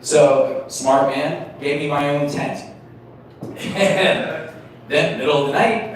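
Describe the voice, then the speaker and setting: A young man telling a self-mocking stand-up story at an open mic, jumping into high put-on voices for the people in it. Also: slow, long pauses, slight background noise. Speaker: stand-up comedian. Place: small comedy venue. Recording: echoey room mic from a distance.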